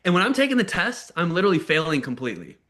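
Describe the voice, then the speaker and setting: An American motivational speaker in his thirties tells his life story on a video call, casual and candid. His high-pitched voice is sing-song, racing and sharp, and he sometimes acts out the people he quotes.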